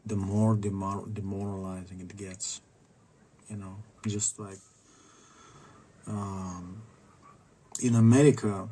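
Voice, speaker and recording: A man's voice: fairly low pitch, steady tone, slow, pauses often, warm tone, a little hiss or hum. A man ranting in a casual vlog, rambling with many fillers and restarts. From Bulgaria. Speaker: vlogger.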